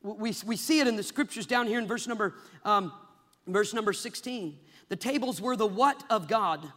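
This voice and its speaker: A man in his thirties preaching a fervent sermon, building to loud climaxes. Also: sits high, moderate pace, long reverb tail.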